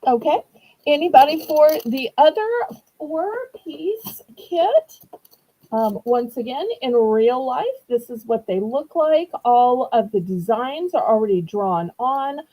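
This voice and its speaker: A woman's voice: sits high, lively intonation, slow, mellow, rough recording. A woman hosting a live online auction, describing items in chatty sales patter. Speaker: auction host.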